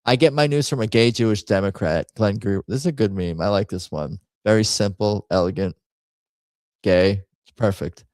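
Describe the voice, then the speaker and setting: A man's voice: lowish voice, normal speed, a little mellow, dry recording. A man hosting a casual livestream, rambling through memes with wry asides and frequent restarts. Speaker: host.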